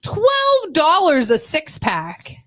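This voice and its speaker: Woman, from Arizona, podcast co-host, high voice, chatty animated storytelling. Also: slow. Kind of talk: casual chat.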